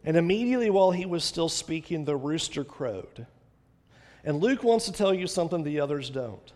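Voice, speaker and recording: A man's voice: on the high side, lively intonation, normal speed, darkish tone, in a large hall. A man preaching a sermon in an earnest, dramatic way, retelling a story with rising intensity. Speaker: pastor.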